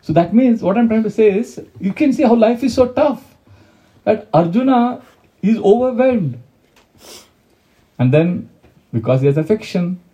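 A man's voice: sits high, animated, normal speed, pauses often, warm tone, lo-fi sound. A man giving a devotional lecture, talking conversationally, asking his listeners questions and reciting Sanskrit verses. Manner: conversational, asks the audience questions. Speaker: spiritual teacher.

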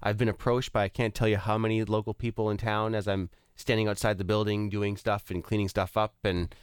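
A man's voice: on the low side, level tone, fairly quick, clear, resonant tone, dry recording, clean studio sound. A man, hosting a real estate talk show in a chatty way, with many fillers and restarts. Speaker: radio show host. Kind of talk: casual chat.

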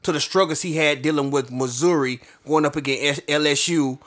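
Man, sports co-host, casual rambling talk, slightly high voice. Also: moderate pace. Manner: relaxed, rambling, with fillers and restarts.

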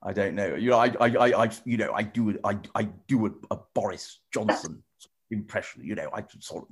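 Man, lowish voice, rambling stop-start talk, gentle with kids, casual video chat. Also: a little fast, slightly rough. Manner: rambling, stop-start, many repeated "you know"; gentle and encouraging with children. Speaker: TV presenter answering children's questions.

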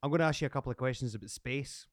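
A man hosting a podcast, teasing his guest in casual chat. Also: mid-range voice. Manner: jokey, teasing, quick asides. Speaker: podcast host.

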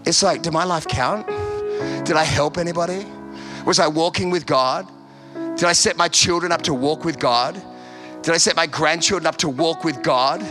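A man preaching a sermon as a pastor, emphatic and repeating his key phrases. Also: on the high side.

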